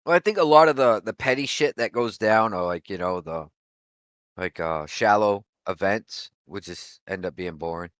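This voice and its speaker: Laid-back guy saying dude, lowish voice. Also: normal speed, a bit bright, no echo, studio quality. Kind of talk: casual group call chat.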